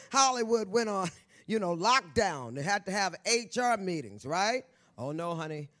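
A woman in her sixties, a guest author telling stories on stage at a live event, brassy, bawdy and loud, laughing often and talking straight to the audience. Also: mid-range voice, big pitch swings, unhurried. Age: 60s. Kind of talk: storytelling on stage.

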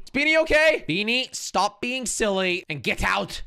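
A man hosting a gaming video, giving excitable Let's Play commentary that swings from mutters to shouts. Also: sits high, moderate pace, few pauses, soft background music.

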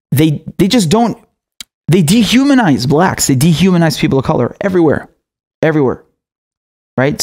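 A man's voice: mid-range voice, a little mellow. A man giving an angry commentary monologue, heated and profane, often stammering and restarting his sentences. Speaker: political commentator.

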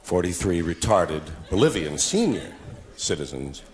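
A forties-aged comedian performs a sardonic stand-up set with mock-solemn asides for a live audience, captured in a noisy recording with faint music behind him. His low voice has a sing-song lilt and moves a little slowly.

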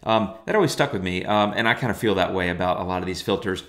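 A man's voice: deep voice, quick pace, fairly bright tone. A middle-aged man teaching photo editing in a chatty, enthusiastic way, full of fillers. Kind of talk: casual software tutorial.

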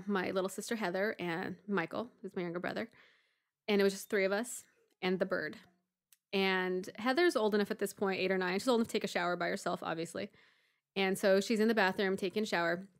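A woman in her thirties, co-hosting a podcast, telling a story in a casual, animated way and acting out panicked voices with laughter. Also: medium pitch, gravelly. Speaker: podcast co-host.

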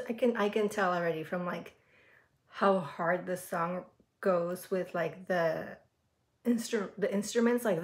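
A young woman hosting a casual reaction vlog from her room, chatty and gushing, with lots of fillers and giggles. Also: medium pitch. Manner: frequent giggles while talking. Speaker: reaction video host.

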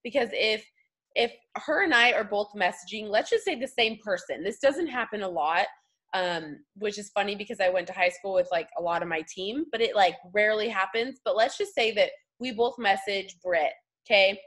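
A woman's voice: mid-range voice, normal speed, fairly bright tone. A young woman leading a casual coaching chat, upbeat and slangy. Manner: chatty, upbeat, slangy, puts on voices when quoting. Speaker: team leader hosting a call.

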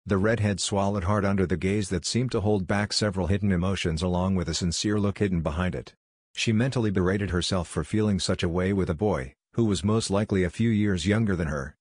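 A man narrating a fan-fiction story in an even, storytelling manner. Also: deep voice, slightly rough, no room sound, clean studio sound.

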